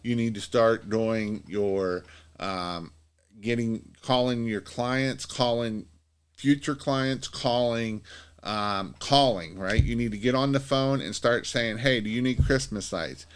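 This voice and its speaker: A man's voice: mid-range voice, slow, clear, resonant tone. A man giving casual business advice on a live stream, rambling and repetitive, with many fillers and restarts, urging listeners on. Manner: earnest, pep-talk urging. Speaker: Christmas light business owner giving advice.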